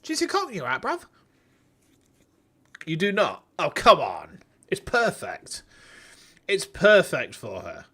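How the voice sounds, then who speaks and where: A streamer chatting casually and excitedly between game lines, joking around. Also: mid-range voice, takes it slowly, pauses often, slightly rough.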